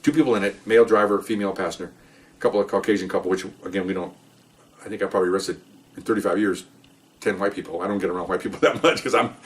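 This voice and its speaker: A man's voice: deep voice, very fast, recorded from a distance. An older man, a retired police officer, telling rambling stories from the job in a casual way, with many restarts. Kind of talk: casual storytelling.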